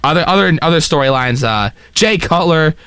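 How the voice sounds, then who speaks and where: A young man co-hosting a casual sports talk show, excitable and self-deprecating, often restarting his sentences. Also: fairly high pitch, brisk, clear, resonant tone, no room sound, studio quality. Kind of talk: casual sports radio chat.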